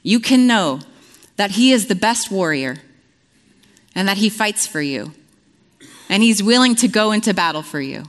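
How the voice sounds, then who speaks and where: A woman's voice: medium pitch, expressive, normal speed, pauses often, in a large hall. A woman preaching a conversational sermon, earnest and storytelling, with frequent fillers.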